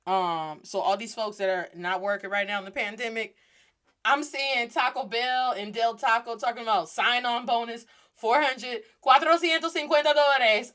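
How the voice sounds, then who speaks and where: A woman in her thirties teaches in a relaxed podcast style, chatty and animated. Her voice sits a little high, and she drops easily into Spanish words and phrases. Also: normal speed. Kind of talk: casual podcast lesson.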